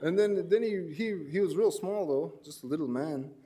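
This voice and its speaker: A man's voice: fairly high pitch, expressive, moderate pace, dark tone, husky. A man presenting at an education forum, telling rambling, self-deprecating anecdotes with many restarts. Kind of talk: anecdotal storytelling talk.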